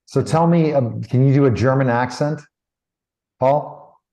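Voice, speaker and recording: A man's voice: medium pitch, measured pace, mellow. A man hosting an interview, asking casual, upbeat questions.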